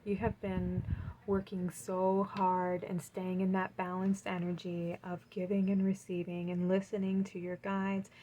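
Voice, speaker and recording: A woman giving an encouraging tarot card reading, gushing with warmth and reading card affirmations aloud. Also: on the low side, monotone, unhurried, slight background noise, poor audio.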